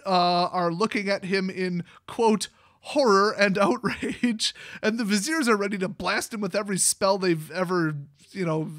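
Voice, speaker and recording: A man with a high voice recaps a fantasy tale in a sarcastic, mocking way, breaking into laughter often. The sound is close and dry, with no room around it. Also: a bit bright, no echo. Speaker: card game channel host.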